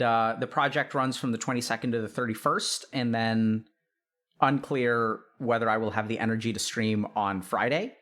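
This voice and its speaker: A man's voice: medium pitch, fairly bright tone. Playful man hosting a livestream. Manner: playful, upbeat, talks directly to chat. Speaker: streamer and psychiatrist host. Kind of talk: casual livestream chat.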